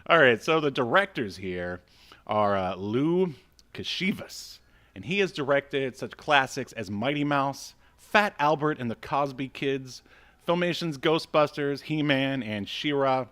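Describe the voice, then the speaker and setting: A man's voice: mid-range voice, animated, unhurried, fairly bright tone. A man hosting a casual podcast, rambling with many fillers and laughing often as he reads credits aloud. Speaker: podcast host.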